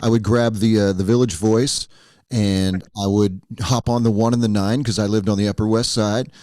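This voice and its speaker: A man hosting a podcast interview in relaxed, casual conversation, offering affirmations and his own stories. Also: on the low side, normal speed, no room sound, clean studio sound. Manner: easygoing, affirming listener. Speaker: podcast host.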